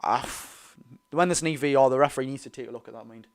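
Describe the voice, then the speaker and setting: A young man with a Geordie accent hosting a live football watch-along, chatty and excitable, bursting into loud reactions. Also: mid-range voice, fast, gravelly. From North East England. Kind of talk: live fan commentary.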